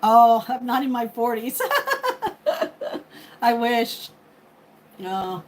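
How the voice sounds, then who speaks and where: A woman's voice: fairly high pitch, steady tone, slow, low-quality recording. A woman in her fifties hosting a casual livestream, chatting and thanking viewers by name. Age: 50s. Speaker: livestream host. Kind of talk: casual live chat with viewers. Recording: faint background noise.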